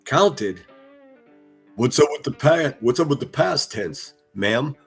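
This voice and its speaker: A man's voice: mid-range voice, lively intonation, takes it slowly, gravelly, breathy edge, faint music behind. A man hosting a livestream, reacting to clips with mocking, profane, sarcastic commentary.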